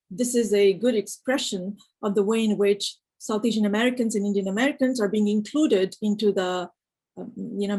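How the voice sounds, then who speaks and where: A woman giving an academic lecture, thoughtful and measured, with frequent "you know" fillers. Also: mid-range voice, darkish tone, slightly rough, low-quality recording.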